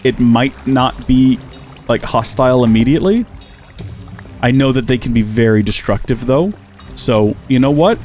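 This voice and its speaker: This American let's player sounds a little mellow, speaking in a mid-range voice at a moderate pace. He jokes and chats through gameplay commentary on a survival game, talking to the animals, with faint game music in the background.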